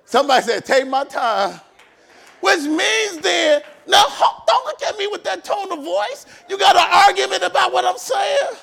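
A man pastor preaching a sermon, shouting and emphatic, repeating phrases for emphasis in a church. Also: very high voice, lively intonation, moderate pace, vocal fry.

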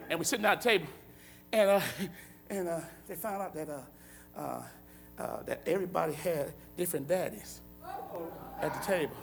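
A man from Akron, Ohio preaching a sermon, emphatic and joking, breaking into loud outbursts. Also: sits high, moderate pace, creaky. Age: adult.

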